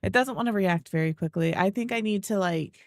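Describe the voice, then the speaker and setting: A woman streamer talks casually and rambles through stories, greeting chat by name mid-sentence. Her voice sits at an ordinary middle pitch and sounds dry and close, with no room around it. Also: brisk, no echo. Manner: rambling, chatty storytelling. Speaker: game streamer.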